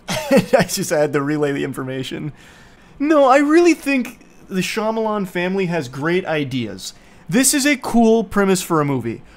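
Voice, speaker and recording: A young man streaming, casually recapping a bad movie to his viewers in a sarcastic, profane, rambling way. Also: sits high.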